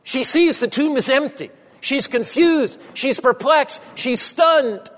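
A male pastor with a notably high voice delivers an impassioned sermon, repeating phrases for weight and sinking low and quiet to press a point. His voice rings with a long reverb, as if in a large hall. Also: slow pace. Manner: impassioned preaching with repetition, dropping low and soft for emphasis.

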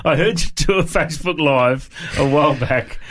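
A man's voice: on the high side, normal speed, fairly bright tone, a little hiss or hum. A man hosting a radio interview, playfully teasing his guest. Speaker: radio host.

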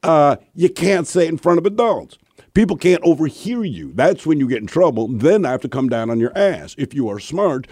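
A middle-aged man hosting a radio show, telling personal stories in a casual, animated way and laughing along. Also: fairly high pitch, moderate pace, slightly rough, no room sound, studio quality. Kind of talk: casual on-air storytelling.

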